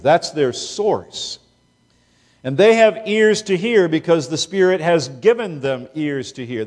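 A man preaching a sermon as pastor, slow and deliberate, with emphatic rises on key words. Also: fairly high pitch, a little mellow, big-room sound.

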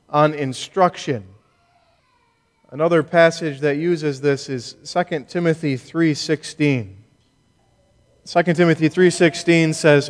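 A man preaching a sermon as pastor, measured and deliberate, slowing down to stress key words. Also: on the high side, in a large hall. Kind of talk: expository sermon.

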